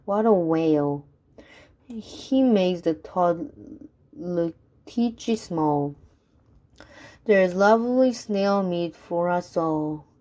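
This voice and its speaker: Greedy shouting Frenchmen, read by a woman. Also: fairly low pitch, very slow, pauses often. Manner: loud and eager. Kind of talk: storybook reading.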